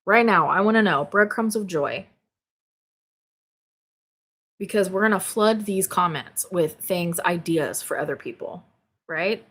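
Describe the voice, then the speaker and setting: In her home office, a woman hosts a spirituality livestream, chatting casually and reading viewer comments aloud; she's bubbly and exclamatory, laughs often and swears casually. Her voice is lowish, a bit bright and slightly rough, at normal speed.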